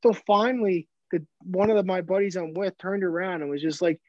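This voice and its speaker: Rambling man with a higher voice. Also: a little fast, hardly any pauses, a little mellow, no echo. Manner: rambling, many fillers and restarts, swearing freely. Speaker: podcast co-host. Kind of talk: casual sports podcast chat. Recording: dull, dry sound.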